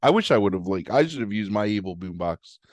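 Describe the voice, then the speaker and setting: A man's voice: on the low side, very animated, fast, a little mellow, no echo. Guy on a podcast rambling through a movie plot, lots of likes and ums, dry close sound. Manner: rambling recap full of "like" and "um", acting out quotes. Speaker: podcast co-host reviewing a movie. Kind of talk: casual chat.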